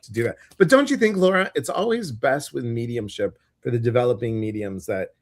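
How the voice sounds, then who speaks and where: A man co-hosting a casual live-stream show, talking in a chatty, animated storytelling way. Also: medium pitch, brisk. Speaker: co-host of a live intuitive show.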